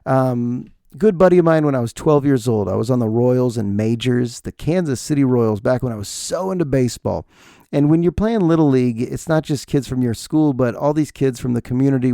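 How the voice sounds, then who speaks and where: Gravelly, dark-voiced male podcast host. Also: mid-range voice, dry recording, clean studio sound. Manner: rambling, chatty and self-deprecating. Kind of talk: casual solo podcast monologue.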